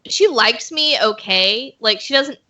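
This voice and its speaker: Bright-voiced tipsy woman on a video call. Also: on the high side, animated, a little slow. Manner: candid, swearing, tipsy and giggly. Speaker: guest. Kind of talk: casual chat over video call. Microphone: video call mic. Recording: muffled lo-fi stream audio.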